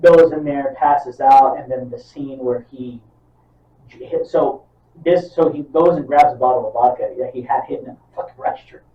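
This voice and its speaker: A podcast co-host chats casually, swearing heavily and acting out movie scenes as he retells them, animated throughout. His voice sits at a medium pitch and moves at normal speed. The mic is distant, leaving the sound roomy and dull.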